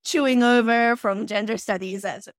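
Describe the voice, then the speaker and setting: A woman, co-hosting a casual podcast discussion, thoughtful and animated, often adding "like" and "right?". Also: a little high, moderate pace, no room sound, studio quality. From New Zealand. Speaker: podcast co-host.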